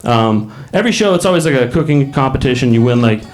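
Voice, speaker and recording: A man's voice: medium pitch, animated, fast, soft background music. A man performing a rambling stand-up comedy set on a comedy club stage, laughing at his own jokes.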